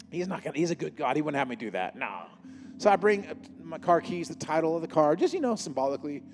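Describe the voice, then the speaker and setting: Male preacher, rapid animated testimony sermon, slightly high voice, long hall reverb. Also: a little hiss or hum. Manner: animated storytelling, acting out dialogue with God.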